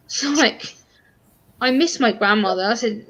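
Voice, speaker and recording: A woman's voice: fairly high pitch, moderate pace, a bit bright. A young woman in casual conversation, telling a story with emotion and animation.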